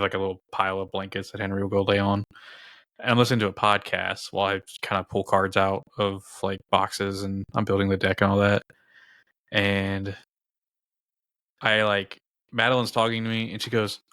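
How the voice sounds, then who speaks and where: A young man co-hosting a podcast, telling a story in casual chat, animated and swearing, his voice jumping high when he quotes others. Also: normal speed, no echo, clean studio sound. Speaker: podcast co-host. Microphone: headset.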